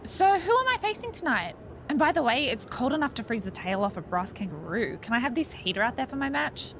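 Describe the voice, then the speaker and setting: A brash young Australian wrestler talks with a lively, bouncy pitch that sits a little high. She is blunt and mocking, trading jabs like a cutscene bully, over a faint hiss. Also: brisk. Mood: chatty. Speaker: pro wrestler. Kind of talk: video game cutscene acting.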